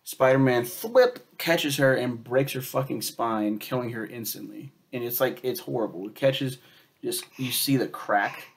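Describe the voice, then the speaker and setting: A man reviewing a superhero film in a loose, rambling way, swearing often and filling pauses with um and like. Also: mid-range voice, lively intonation, gravelly. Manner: rambling, profane, lots of fillers and quoted asides.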